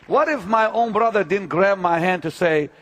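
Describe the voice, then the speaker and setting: An older man preaching, telling personal stories emphatically and swinging from loud declarations to hushed moments. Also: high-pitched, normal speed. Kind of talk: sermon-style teaching talk.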